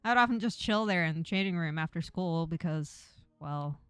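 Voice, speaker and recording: A woman's voice: fairly low pitch, expressive, normal speed, clear, resonant tone, no room sound, soft background music, lightly acted. A woman voicing a laid-back young male friend in a game, talking casually with a lisp from a sore tongue. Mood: musing.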